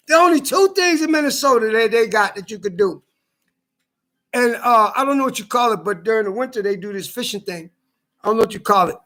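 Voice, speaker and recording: A man's voice: high-pitched, pushed and bright. A man delivering a heated, profane monologue full of stumbling restarts, as a social media commentator. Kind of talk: ranting monologue.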